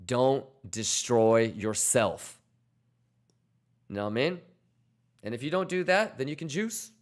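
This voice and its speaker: Man, stream host, casual live chat, blunt, swears a lot, motivational coaching, average pitch. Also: unhurried. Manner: blunt, profane, motivational, reads chat aloud. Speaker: trading livestream host.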